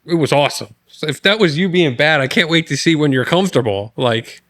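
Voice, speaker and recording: A man's voice: a little high, animated, fairly quick, fairly bright tone, no echo. A male podcast host talks casually and laughs often in a studio with mics and headsets. The sound is dry and close. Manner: laughs often, jokes about friends. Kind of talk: casual chat.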